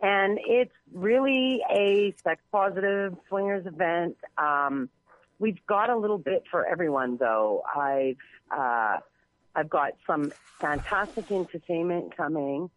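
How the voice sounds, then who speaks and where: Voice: mid-range voice, animated, slow, no echo. An event organizer calling in as a guest, talking in a friendly, chatty way. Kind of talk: phone interview. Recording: dull lo-fi phone line.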